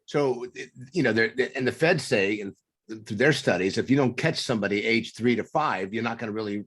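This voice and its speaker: A man hosting a talk show who asks long, halting questions and restarts himself often. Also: fairly low pitch, fairly bright tone, slightly rough. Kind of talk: interview questions.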